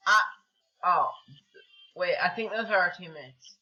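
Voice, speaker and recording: A young male gaming host giving casual commentary while he plays, excitable, with yelps and groans, then mumbled asides under his breath. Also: high-pitched, measured pace, lo-fi sound, faint music behind.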